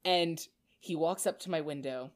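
A young woman with a somewhat low voice chats casually as a podcast co-host. She tells stories with a loose, rambling rhythm and stumbles over her words when she reaches the nervous parts. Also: moderate pace. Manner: storytelling, stammers when retelling nervous moments. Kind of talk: casual chat.

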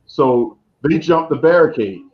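A man's voice: fairly high pitch, lively intonation, measured pace, dull audio. A man co-hosting a casual wrestling chat, pushing questions and laying out booking ideas. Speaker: podcast co-host.

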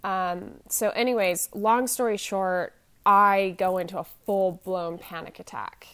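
A woman in her forties tells a personal story in a halting, shaken way, full of restarts and fillers, anxious as she talks. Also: medium pitch, fairly even intonation, a bit bright. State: shaken and anxious while telling it. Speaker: vlogger.

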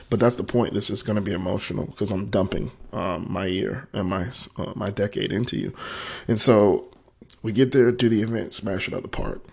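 A man's voice: fairly low pitch, fairly even intonation, moderate pace, vocal fry, a little mellow, slightly rough. A man hosting a podcast, telling a personal story in a candid, emotional, conversational way. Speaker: podcast host.

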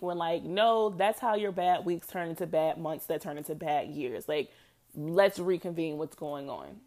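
Chatty, reflective woman podcaster, lower voice. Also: moderate pace, darkish tone. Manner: chatty and reflective, many fillers, laughs often. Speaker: podcast host. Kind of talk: casual solo podcast monologue.

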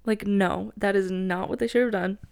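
A woman's voice: mid-range voice, steady tone, normal speed, gravelly, a little mellow. A young woman chatting casually as she tells a long story, rambling and saying "like" often.

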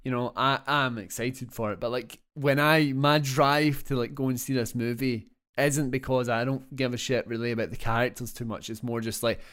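A man's voice: mid-range voice, fairly even intonation, normal speed, hardly any pauses, fairly bright tone, smooth. A young Scottish man co-hosting a podcast, chatting casually about a film in a rambling, joking way full of fillers. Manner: rambling, jokey, lots of fillers. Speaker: podcast co-host.

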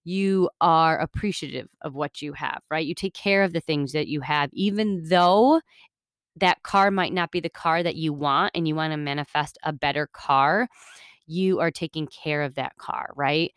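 Recorded in a clean studio with no echo, a woman with a low, smooth voice hosts a self-help podcast at a normal pace. Her delivery is sincere, meandering, and motivational, full of filler words.

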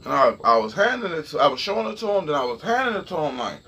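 A man's voice: on the high side, big pitch swings, fast, hardly any pauses, bright, forceful tone, a little hiss or hum. A young man telling a story and ranting in a casual, profane, heated way straight to his viewers. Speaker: vlogger.

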